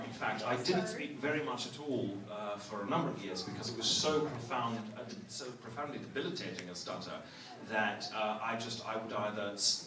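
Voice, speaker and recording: A man from Texas with a neutral American accent, a voice actor joking with fans during a convention Q&A panel. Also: lowish voice. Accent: none, neutral American. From Texas, USA. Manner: playful, joking, calling on fans. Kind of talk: lively fan Q&A banter. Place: large convention hall. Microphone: handheld phone in the audience. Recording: echoey hall, far phone mic, noisy crowd.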